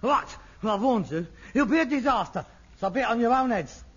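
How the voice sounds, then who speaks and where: An actor playing an exasperated, pretentious middle-aged son who fancies himself an actor, indignant and huffy, in a 1960s radio sitcom. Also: male voice, very high voice, expressive, a little fast, a bit bright, husky, full character voice. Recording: dull lo-fi old radio recording.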